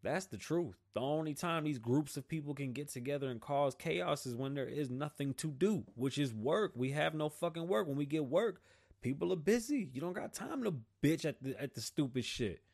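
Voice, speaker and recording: A man's voice: fairly high pitch, lively intonation, normal speed, gravelly, a little mellow. A man hosting his own show, delivering a blunt, profane, slang-filled political rant in a casual style. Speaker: podcast host.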